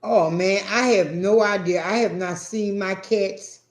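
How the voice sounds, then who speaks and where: A man telling a profane, animated story in a casual rant, acting out what people said. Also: sits high, a little slow. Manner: profane, animated, acts out quotes. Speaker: vlogger. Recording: echoey room.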